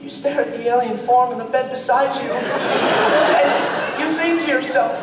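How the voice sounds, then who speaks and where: A man's voice: very high voice, unhurried, over a noisy crowd. A man on stage playing a chatty, lonely musical-theatre fan who rambles in confiding asides. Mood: rueful. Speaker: narrator character. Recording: echoey hall from far off, noisy.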